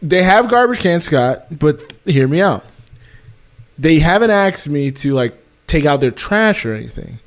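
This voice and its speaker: Guy on a podcast, kinda high voice, animated storytelling, laughs a lot. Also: measured pace. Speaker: podcast co-host. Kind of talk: casual chat.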